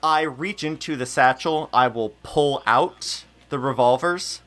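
A man playing a tabletop game, relaxed and easygoing. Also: mid-range voice, unhurried. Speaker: player.

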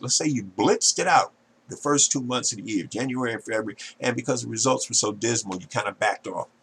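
A man hosting a marketing podcast, talking straight to listeners in an emphatic, salesy way and often addressing them as ladies and gentlemen. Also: medium pitch, creaky. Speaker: podcast host.

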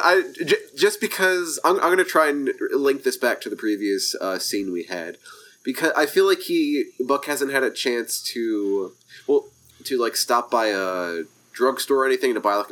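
A man plays his character in a tabletop role-playing game. He talks in halting restarts at a middle pitch. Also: fairly bright tone. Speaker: player.

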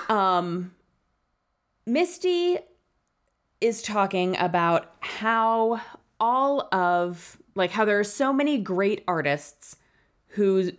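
A woman co-hosting a casual podcast, chatty and conversational, often thinking aloud. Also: mid-range voice. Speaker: podcast co-host. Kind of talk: casual chat.

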